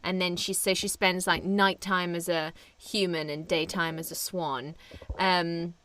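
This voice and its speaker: A woman's voice: on the low side, level tone, a little slow, a bit bright, dry recording. A young woman co-hosting a film podcast, chatting casually and enthusiastically, laughing often. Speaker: podcast co-host.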